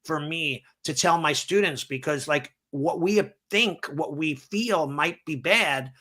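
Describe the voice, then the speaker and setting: A middle-aged man, a martial arts instructor, telling a long anecdote in a casual, animated way on a podcast. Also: a little high, takes it slowly. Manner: animated storyteller who acts out quoted voices. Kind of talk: casual storytelling. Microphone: seen on video, holds up books to camera.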